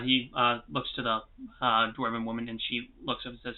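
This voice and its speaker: A man narrating as game master in a tabletop game, relaxed and halting with lots of filler pauses. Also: medium pitch. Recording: tinny phone-like sound.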